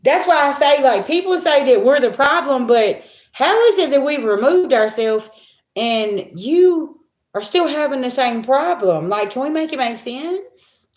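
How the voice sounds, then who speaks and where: A woman's voice: sits high, lively intonation, a little slow, a little mellow. A woman giving a spiritual reading to her viewers in a casual monologue, blunt and profane, repeating herself for emphasis. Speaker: spiritual reader. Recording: echoey room.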